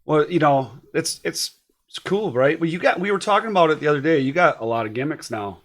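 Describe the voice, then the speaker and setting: A man's voice: fairly high pitch, lively intonation, a little fast. A man hosting a live online show, chatting casually and laughing easily with his guest. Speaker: host. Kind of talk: casual live-stream chat.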